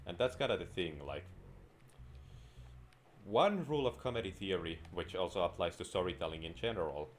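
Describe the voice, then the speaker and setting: A man's voice: low voice, expressive, normal speed, long pauses, slight background noise. A young man giving rambling, self-mocking commentary while he plays a game. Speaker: gameplay commentator. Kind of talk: casual gameplay commentary.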